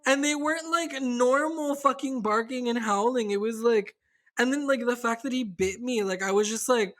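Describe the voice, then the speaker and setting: A woman's voice: fairly high pitch, normal speed. A young adult woman co-hosting a podcast, telling a candid story in casual chat, rambling and swearing with lots of fillers. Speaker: podcast co-host.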